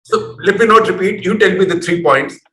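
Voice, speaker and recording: A man's voice: high voice, a little fast, a bit bright, reverberant, poor audio. A man from India hosting an interview, introducing his guest at length in a discursive, conversational way. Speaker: interviewer, show host.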